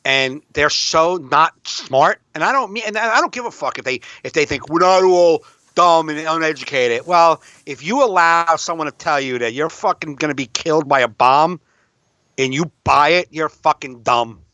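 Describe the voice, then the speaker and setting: A man co-hosting a casual podcast who slides into heated, swearing rants. His voice sits a little high and comes out forceful and tense. The recording is dry and a bit dull. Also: moderate pace, clean tone, no room sound. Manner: heated, profane ranting. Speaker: podcast co-host. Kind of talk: casual chat.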